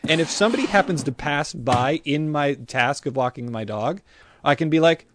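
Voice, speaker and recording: A man's voice: fairly high pitch, moderate pace, fairly bright tone. A man in casual podcast chat, self-deprecating and acting out his own grumbling thoughts. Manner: self-deprecating, acts out grumbling inner voices.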